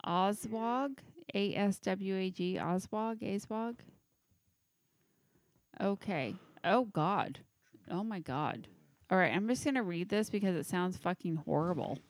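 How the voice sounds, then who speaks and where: A tipsy woman hosting a podcast hiccups, giggles, and swears while casually reading out a list of creepy legends, stumbling over the names. Her fairly low voice has lively intonation at a normal speed, recorded in studio quality with no room sound.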